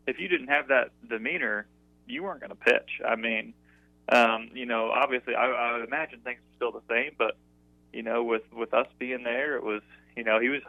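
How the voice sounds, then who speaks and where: A young man speaks as an interview guest on a phone call, his voice thin and boxed-in, with no room around it. He rambles happily, full of fillers, often laughing as he tells his stories. His pitch sits in the middle. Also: gravelly, no room sound. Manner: chatty, many fillers, laughs through stories. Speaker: guest, former college pitcher. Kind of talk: casual interview storytelling. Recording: dry tinny phone line.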